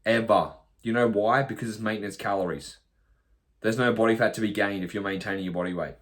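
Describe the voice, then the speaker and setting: A man with a fairly low voice delivers a blunt podcast monologue as a nutrition coach. He swears freely and slips into mocking impressions of clients. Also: fairly even intonation, quick pace, a bit bright. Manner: blunt, swears often, mimics clients in quoted asides.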